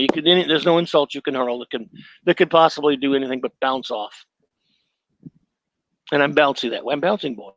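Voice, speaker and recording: Sarcastic high-voiced man reading a review. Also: a bit bright, no room sound, low-quality recording. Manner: sarcastic, rambling, self-mocking. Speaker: host reading his own film review. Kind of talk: live stream commentary reading.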